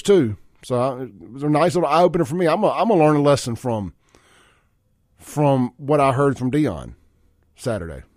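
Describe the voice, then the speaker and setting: A man's voice: a little mellow, no echo, clean studio sound. A man hosting a radio talk show, chatting about sports in a folksy, opinionated way and getting worked up as he rants. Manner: folksy, worked-up rants, pitch climbing when riled. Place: radio studio. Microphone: studio microphone.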